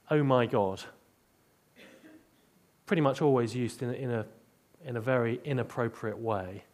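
A man preaching a sermon, telling stories and dropping to hushed tones to drive points home. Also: mid-range voice.

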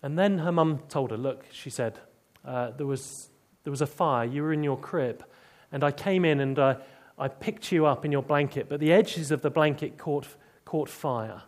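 A man preaching a sermon, telling stories and dropping to hushed tones to drive points home. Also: on the high side, normal speed, few pauses.

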